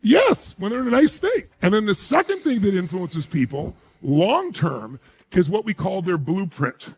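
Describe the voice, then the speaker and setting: Animated, high-pitched male motivational speaker. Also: normal speed, vocal fry, husky. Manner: emphatic, asks the audience rhetorical questions. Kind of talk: live motivational speech to an audience.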